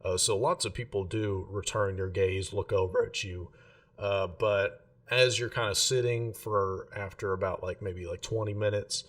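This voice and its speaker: Male game master, low voice, relaxed rambling narration; recorded from a distance. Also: moderate pace. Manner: relaxed, filler-heavy narration.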